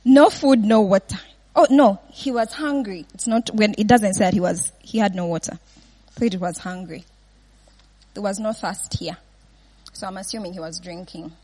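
A woman's voice: medium pitch, normal speed, dark tone, slightly rough. A woman giving an informal Bible teaching, often laughing and checking in with her listeners with "yeah?" and "right?".

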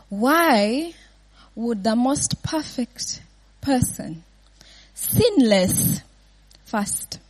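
A woman's voice: on the high side, slightly rough. A woman giving an informal Bible teaching, often laughing and checking in with her listeners with "yeah?" and "right?".

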